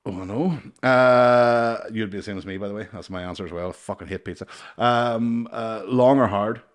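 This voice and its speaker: Man, lowish voice, comedian hosting a podcast, lively storyteller, frequent swearing. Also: normal speed. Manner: swears often, animated storyteller. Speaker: podcast host and stand-up comedian. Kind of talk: casual podcast chat.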